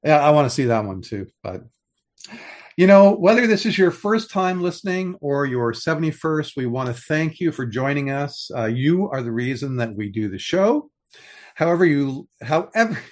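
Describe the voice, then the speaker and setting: An older man co-hosts a podcast, chatting casually as he enthusiastically pitches story ideas. He often restarts his sentences.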